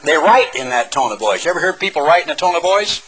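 Lively bright-voiced male preacher. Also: on the high side, slightly rough, poor audio. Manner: animated, folksy and sarcastic asides; slows down to stress scripture phrases. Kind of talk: expository sermon reading and explaining scripture.

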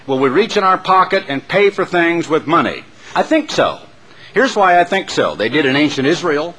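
A man preaching a sermon in an animated storytelling way. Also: on the high side, moderate pace, low-quality recording.

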